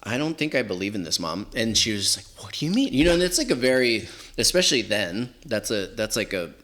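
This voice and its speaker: A man's voice: on the low side, sing-song, brisk, bright, forceful tone. A man from Southern California in his forties, telling stories in a casual chat, rambling with lots of filler words. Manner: rambling, heavy use of "like" and "you know". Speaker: podcast guest. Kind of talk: casual storytelling.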